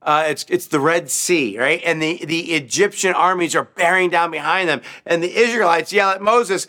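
A man with a bright, forceful voice that sits a little high, telling a sermon as a string of quick stories. He keeps asking his listeners questions and leans into key words. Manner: animated, asks the audience questions, acts out crowd voices. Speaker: preacher. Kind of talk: children's sermon storytelling.

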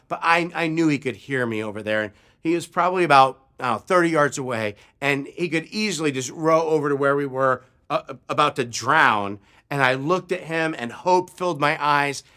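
Man, pastor, sermon storytelling, bright forceful tone, slightly high voice. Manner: animated, acts out shouts in his story. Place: church.

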